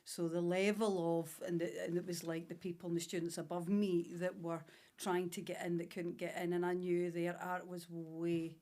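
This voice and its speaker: Brief: Ayrshire woman in her fifties, lowish voice, lively storyteller on a podcast. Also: moderate pace. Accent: Ayrshire Scottish. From Scotland. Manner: warm storytelling, enthusiastic. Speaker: guest, salon director. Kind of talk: casual interview chat.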